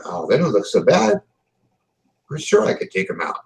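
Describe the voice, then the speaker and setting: A man voicing a reckless, excitable male pilot who talks with carefree bravado. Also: fairly low pitch, normal speed, vocal fry, slight background noise, heavily acted. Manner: loud, drawling, carefree bravado.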